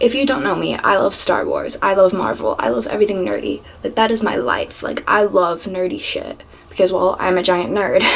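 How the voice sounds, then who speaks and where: A young adult woman telling work stories in a casual storytime vlog, animated and swearing freely, sometimes dropping to a whisper for asides. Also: medium pitch, creaky. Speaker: vlogger. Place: home room with a fan.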